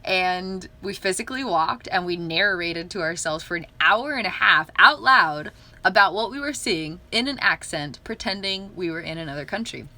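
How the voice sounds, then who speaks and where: A woman's voice: lowish voice, expressive, normal speed, pushed and bright. A young woman talking casually on a livestream, earnest and upbeat, often laughing. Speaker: livestream host.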